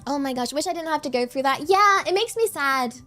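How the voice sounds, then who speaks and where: A woman with a high voice chats casually to her stream. She talks softly and rambles, often laughing at herself. Faint music plays quietly behind her. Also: expressive, a little fast. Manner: soft, rambling, self-deprecating, with frequent laughs.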